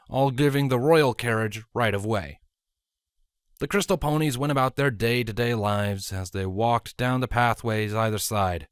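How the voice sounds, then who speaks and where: A man narrating a fan story in an expressive storytelling manner. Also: medium pitch, smooth, dry recording, studio quality. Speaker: fanfiction reader. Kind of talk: audiobook narration.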